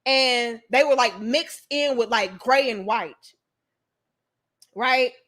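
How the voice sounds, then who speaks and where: A young woman with a high, bright voice, chatting straight to her viewers. She tells her story in a loose, animated way, swears freely, and keeps calling them y'all. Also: slow pace. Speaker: vlogger.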